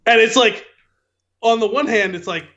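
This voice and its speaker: A man co-hosting a podcast, discussing a movie in a measured, explanatory way. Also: very high voice, a bit bright, lo-fi sound. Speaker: podcast co-host.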